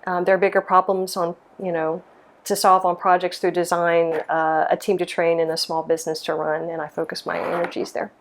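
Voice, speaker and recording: A woman's voice: lowish voice, little pitch movement, brisk, a little hiss or hum. A middle-aged woman from Mississippi, a lighting designer, answering interview questions in a thoughtful way, with many ums and restarts. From Mississippi, USA.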